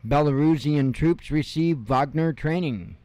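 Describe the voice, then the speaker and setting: A man's voice: a little high, unhurried, mellow, no room sound. Sarcastic man in his fifties reading headlines. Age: 50s. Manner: sarcastic asides, chuckles between headlines. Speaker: news show host. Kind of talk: casual headline reading with commentary.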